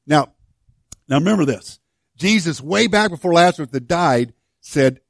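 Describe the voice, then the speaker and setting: A man preaching a sermon to his church, swinging from hushed, slow lines to loud, fervent ones. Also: on the high side, animated, vocal fry, no echo, studio quality. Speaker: pastor.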